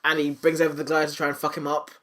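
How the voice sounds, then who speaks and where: A man with a slightly high voice hosts a podcast and recaps episodes in loose, animated chat. He swears freely and slips into the characters' lines as he goes. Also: racing. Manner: animated, profane, acts out characters while recapping. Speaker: podcast host.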